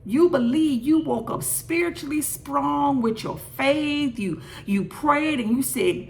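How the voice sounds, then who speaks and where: A woman's voice: high voice, slow pace, creaky, few pauses, a little hiss or hum. A middle-aged woman hosting a faith encouragement show, speaking earnestly and directly to listeners with repeated, building phrases. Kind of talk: midday devotional encouragement.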